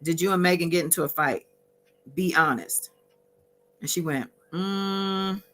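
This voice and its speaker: A woman hosting a casual recap, reading out exchanges from her notes with frequent fillers and pauses. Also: sits low, a bit bright, faint music behind. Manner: reads out courtroom exchanges from notes, pausing with fillers. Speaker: host recapping a court trial.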